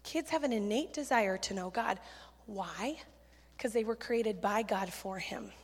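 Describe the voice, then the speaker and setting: A woman preaching to a church crowd, lively and chatty, dropping quick self-deprecating asides between stories. Her voice sits fairly high and carries a long hall reverb. She talks into a handheld mic. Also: husky. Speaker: children's ministry speaker. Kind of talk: sermon with storytelling.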